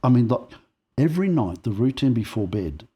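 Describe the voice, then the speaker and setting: Husky, warm-voiced man telling stories. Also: medium pitch, fairly quick. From Australia. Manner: animated storyteller who acts out quoted dialogue. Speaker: podcast guest. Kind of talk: personal storytelling in conversation.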